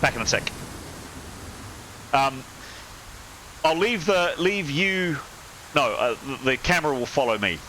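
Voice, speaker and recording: Bright-voiced man running a tabletop game. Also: medium pitch, measured pace, long pauses, low-quality recording. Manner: lively narration, shouting panicked sailors in character. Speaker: game master. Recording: faint background noise.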